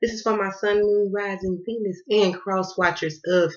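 Southern-accented woman, tarot vlogger, hoarse, playful and cussing, hypes her viewers, slightly dull lo-fi sound. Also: mid-range voice, steady tone, moderate pace. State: losing her voice. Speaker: tarot card reader. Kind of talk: casual tarot reading vlog.

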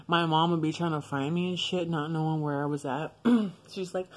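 Speaking straight to her audience in a casual storytime vlog, a young woman is blunt and swears freely. Her voice is slightly low, she talks fairly fast with hardly any pauses, and she keeps bursting into laughter.

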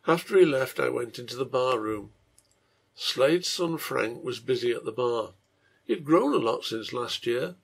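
A man reads his own translation of a serial story aloud at a measured storytelling pace. His voice is gravelly and husky, with an even, unhurried delivery. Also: medium pitch. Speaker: reader and translator.

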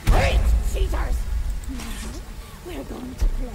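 A woman voicing a creepy stretchy toy woman in a horror game, slow and sing-song with a threatening edge. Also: high-pitched, lively intonation, creaky, a little mellow, soft background music, exaggerated voice. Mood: menacing. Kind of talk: horror game character dialogue.

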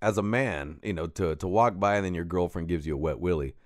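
A man co-hosting a podcast, telling a story in casual, profane chat and shouting as he acts out the scenes. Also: low-pitched, fairly quick, no room sound, studio quality. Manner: animated, profane, shouts when acting out scenes. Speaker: podcast co-host.

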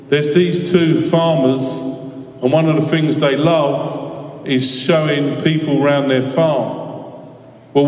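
A man's voice: fairly high pitch, a little mellow. Earnest man in an echoing hall. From London, England. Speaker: guest speaker. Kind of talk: inspirational talk with storytelling. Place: large school assembly hall. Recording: echoey hall from far off.

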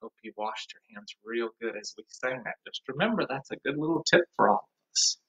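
A man's voice: mid-range voice, lively intonation, a little fast, pushed and bright, muffled recording. A man teaching an online music class to young children, talking cheerfully and singing along with a ukulele.

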